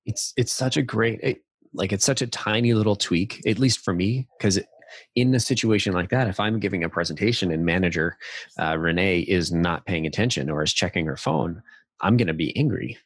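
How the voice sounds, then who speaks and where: Man, podcast host, very low raspy voice, dry close sound, casual. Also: fairly quick, no room sound. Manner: loose, casual, some swearing. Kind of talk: casual chat.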